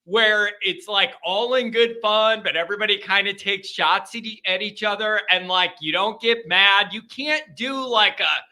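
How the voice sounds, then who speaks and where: A man's voice: sits high, normal speed, hardly any pauses, bright, forceful tone. A man hosting a fan call-in show, talking in a rambling, joking, conversational way with frequent restarts. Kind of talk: casual solo podcast chat.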